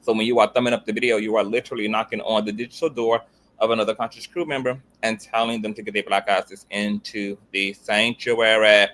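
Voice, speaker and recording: A man's voice: fairly low pitch, level tone, fairly quick, a bit bright. A man hosting a casual commentary livestream, sassy and flamboyant, tossing out "girl," "child" and "honey" as he talks.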